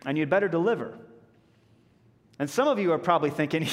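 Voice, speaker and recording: A man preaching a sermon as a pastor, telling stories with lively, acted-out voices. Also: fairly high pitch, quick pace, in a large hall. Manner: animated storytelling, acting out voices of people in the story.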